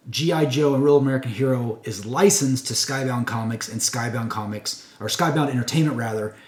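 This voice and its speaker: A man reviewing a comic book in a casual, rambling way, with fillers and self-corrections. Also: mid-range voice. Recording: echoey room.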